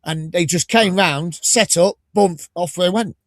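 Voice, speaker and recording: A man with an English Midlands accent hosting a casual fan podcast, chatting and telling stories in a lively way. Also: high-pitched, a little slow, no echo, studio quality. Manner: chatty storyteller, lively and animated. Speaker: podcast host. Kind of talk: casual chat.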